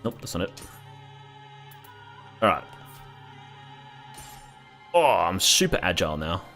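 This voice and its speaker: A man's voice: low voice, big pitch swings, slow, a bit bright, soft background music. A young man chatting casually and rambling while playing a game, swearing freely. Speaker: gaming streamer. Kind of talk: casual gameplay commentary.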